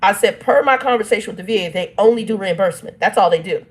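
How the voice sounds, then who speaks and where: Speaking fast in a mid-range voice, this channel host, a woman in her 50s, tells the story of a family feud on her casual vlog. She reads out text messages and keeps interrupting herself with irritated, blunt remarks.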